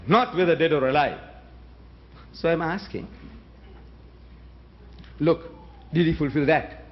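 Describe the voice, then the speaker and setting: Man, Gujarati speaker, fairly high voice, rhetorical debate speaker on a dull lo-fi recording. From South Africa. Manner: emphatic, rhetorical, challenges the audience with questions. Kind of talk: public debate address.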